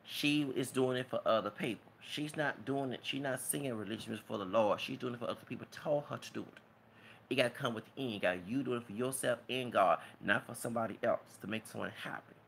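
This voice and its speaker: A man's voice: medium pitch, fairly quick, vocal fry, a bit bright, a little hiss or hum. A man giving an emotional, preachy, rambling rant as a vlogger. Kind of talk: impassioned rant to camera.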